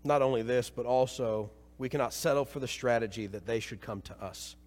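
A man preaching a sermon as pastor, swinging from emphatic peaks to quiet low passages. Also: brisk. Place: church sanctuary. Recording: long reverb of a church hall.

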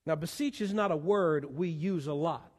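A pastor, preaching a sermon in animated style with pleading repetitions. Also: male voice, fairly high pitch, normal speed. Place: church sanctuary. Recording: long church hall reverb.

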